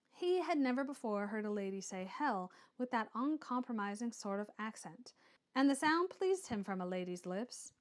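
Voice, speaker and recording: Woman, audiobook narration, classic novel, measured pace, fairly high voice. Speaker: audiobook reader.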